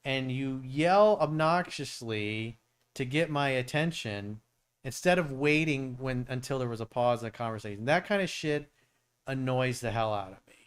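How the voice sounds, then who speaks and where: His voice is mid-range, clear and resonant, at a moderate pace. A middle-aged dating coach and show host from South Florida, he handles a casual live-stream Q&A with blunt, profane answers and plenty of stories.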